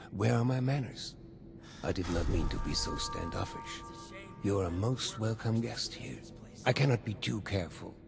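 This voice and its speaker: Gravelly old German-accented ghoul overseer, silky and scheming, swings wide in pitch. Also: male voice, exaggerated voice. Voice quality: gravelly, breathy half-whisper. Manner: silky, theatrical, faintly menacing. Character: old male ghoul vault overseer, smooth scheming businessman.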